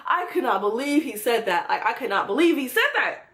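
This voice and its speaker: A woman's voice: fairly high pitch, very animated, a little fast, fairly bright tone. A young woman from Georgia telling a profane, exasperated storytime to her viewers. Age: young adult. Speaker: vlogger. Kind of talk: storytime vlog.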